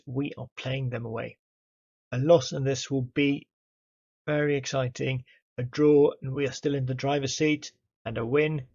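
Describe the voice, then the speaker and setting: A gaming YouTuber with a middle-pitched, creaky, husky voice gives excitable, chatty play-by-play of a football management game. He speaks directly to his players and the referee, and the recording sounds a little dull and muffled.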